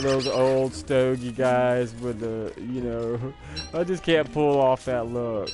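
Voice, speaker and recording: A man live streaming chats casually and rambles off on tangents, talking back to his viewers while music plays behind him. His voice is medium-pitched and steady, and he speaks slowly.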